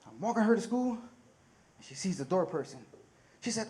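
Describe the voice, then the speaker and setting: A man doing profane, animated stand-up storytelling on a comedy stage, acting out the people in his story. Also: sits high, normal speed.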